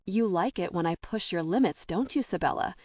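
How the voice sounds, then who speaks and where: A woman's voice: lowish voice, animated, brisk, a little mellow, no echo, studio quality. A woman voicing a commanding male lover. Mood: intimate. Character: intense commanding man, a Navy SEAL lover.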